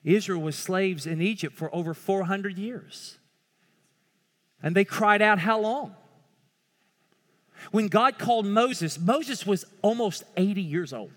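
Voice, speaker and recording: High-voiced preacher in a reverberant hall. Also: male voice, unhurried. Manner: impassioned preaching, swings from loud pleading to hushed. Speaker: pastor. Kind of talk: sermon.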